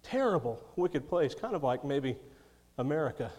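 Folksy preacher in a reverberant church. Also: male voice, a little high, big pitch swings, normal speed, a little mellow, slightly rough. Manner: folksy, chuckling asides between scripture readings. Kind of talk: sermon.

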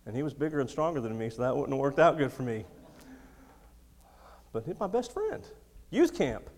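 A man in his thirties preaching a sermon with a storyteller's touch, chuckling often between lines. He drops to near-quiet, then builds to loud, emphatic peaks. His mid-range voice rings out into a long hall reverb. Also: medium pitch, very animated, normal speed.

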